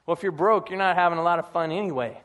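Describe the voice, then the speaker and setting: A man with a fairly high voice preaches to his congregation in a relaxed, conversational way. He tells personal stories and acts out the people in them. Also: rapid-fire. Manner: conversational, animated storytelling with acted-out quotes. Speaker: pastor. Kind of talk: sermon.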